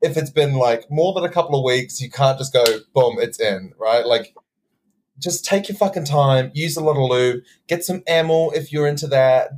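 A man's voice: on the high side, normal speed, a little mellow, slight background noise, poor audio. A man co-hosting a casual chat, frank and joking, and he swears freely. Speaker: podcast co-host.

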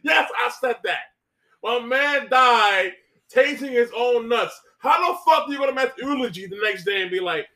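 A man's voice: extremely high pitch, expressive, normal speed, pushed and bright. A man co-hosting a casual podcast, telling absurd joking stories with lots of swearing. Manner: joking storyteller, absurd asides, profane. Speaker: podcast co-host. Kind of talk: casual chat.

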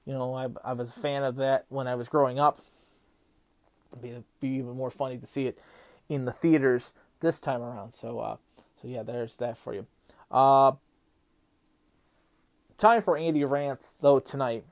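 A middle-aged man talking casually to his listeners, stumbling over his words with fillers and restarts. When he starts ranting, his voice turns loud and heated, and his pitch sits in an ordinary middle range. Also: steady tone, normal speed, long pauses. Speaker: podcast host. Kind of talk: casual monologue and rant.

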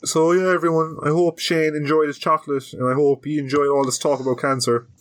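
A man's voice: on the high side, little pitch movement, brisk, a little hiss or hum. Crude joking man. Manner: crude joking, breaks into silly voices. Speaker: podcast co-host. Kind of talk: casual chat. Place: home room.

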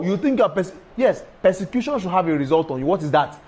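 A man preaching a sermon, emphatic and repetitive, breaking into sudden high exclamations. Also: expressive, fairly quick, hardly any pauses, breathy edge.

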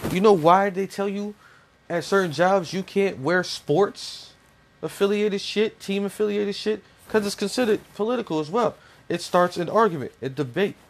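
A man delivering a heated, profane opinion rant as a commentator, blunt and swearing constantly. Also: high-pitched.

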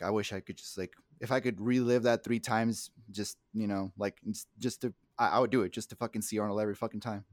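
A man's voice: on the low side, no echo, clean studio sound. A young man co-hosting a podcast, telling a rambling, profane story with lots of acted-out quotes in casual chat. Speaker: podcast co-host.

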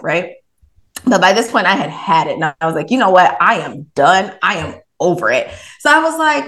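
A woman, a podcast guest, telling a personal story casually, acting out the back-and-forth dialogue. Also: medium pitch. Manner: animated, retells her own dialogue with lots of "I was like". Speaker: podcast guest, author and reiki practitioner.

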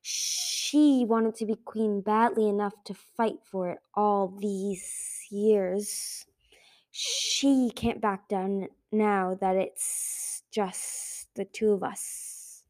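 A woman's voice: mid-range voice, takes it slowly, gravelly, few pauses, a little mellow. A woman voicing a cold, cunning female dragon who wants the throne, spoken with cool menace.

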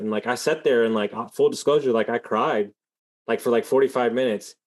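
A man's voice: medium pitch, brisk, a little mellow. Rambling man telling a long story. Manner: rambling, full of "like" and "uh" fillers. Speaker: podcast host. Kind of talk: conversational storytelling.

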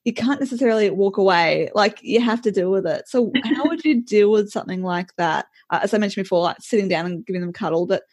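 A woman's voice: medium pitch, quick pace, hardly any pauses, darkish tone, dry recording. A woman interviewer asking long, rambling questions with many fillers and restarts. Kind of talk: conversational interview.

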